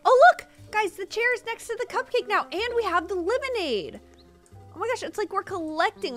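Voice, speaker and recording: A young woman giving chatty, giggly gameplay commentary with loud reactions. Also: very high voice. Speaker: gaming video host.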